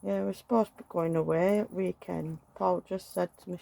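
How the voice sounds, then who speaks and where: A woman's voice: fairly low pitch, fairly even intonation, moderate pace, vocal fry, hardly any pauses, dark tone. A middle-aged woman, chatting and venting emotionally while dressing a doll at home. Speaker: doll collector vlogger.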